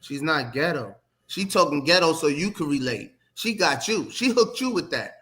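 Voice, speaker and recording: A man's voice: fairly high pitch, expressive, normal speed, crowd noise, rough recording. A man co-hosting a podcast, loose and dismissive in casual banter, often laughing things off. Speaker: podcast co-host.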